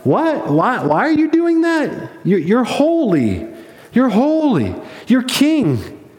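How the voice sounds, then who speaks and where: A preacher putting on baffled, excited angels. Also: male voice, takes it slowly, full character voice. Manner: exclaiming in higher, louder bursts. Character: baffled then jubilant angels in heaven. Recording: echoey hall with long reverb.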